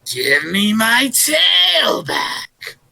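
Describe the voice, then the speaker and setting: A man voicing a vengeful furry beast that slowly howls its demand from far off, for a tabletop game story. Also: high voice, huge pitch swings, vocal fry, voice pushed up, full character voice. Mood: menacing howl. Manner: drawn-out shouted howl from afar.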